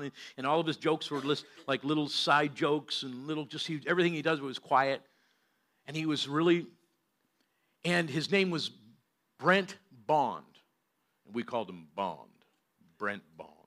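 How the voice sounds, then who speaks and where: Bright-voiced older man preaching. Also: high voice. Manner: storytelling preacher, swings from loud to hushed. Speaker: pastor. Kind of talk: sermon.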